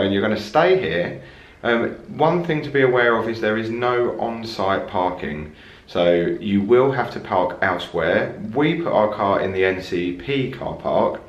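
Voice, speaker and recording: A man's voice: fairly low pitch, echoey room, muffled recording. A man chatting casually to camera as he tours and narrates a travel vlog. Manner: chatty and informal, touring to camera. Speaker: travel vlogger.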